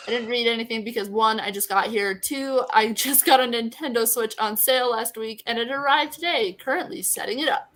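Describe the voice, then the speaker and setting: A woman chatting quickly and teasingly with friends over a video call. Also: a little high, fairly bright tone, poor audio. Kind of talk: casual chat.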